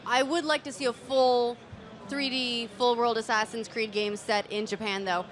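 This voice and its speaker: A woman co-hosting a live convention stream, playful and quick to laugh. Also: on the high side, fairly even intonation. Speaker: co-host. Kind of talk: casual live event chat.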